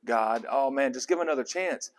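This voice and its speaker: An old prophet who speaks to God in everyday, casual speech, as a man puts him on. His tone swings between exasperated and heartbroken. The delivery is chatty and joking, with a mid-range male pitch. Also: brisk, natural voice. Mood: grieving.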